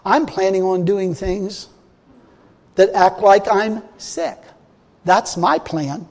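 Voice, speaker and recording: A man with a high voice tells a personal faith story as a sermon. He talks in a plain, folksy way, jumping from loud, emphatic lines to low, groaning asides. The sound carries a long reverb, as in a large hall. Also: slow. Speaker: preacher. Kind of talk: sermon testimony.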